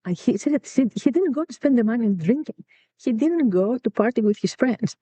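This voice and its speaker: A middle-aged Greek podcast guest and co-founder tells family stories in an interview, her slightly high, dark voice expressive and brisk with no room sound. She's reflective, repeating words as she gropes for them, in a dull lo-fi dry recording.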